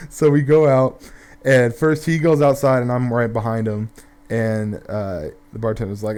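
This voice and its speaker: A man's voice: mid-range voice, flat delivery, normal speed, a little mellow. A young man telling a rambling, profane story in casual gameplay commentary, full of fillers and restarts.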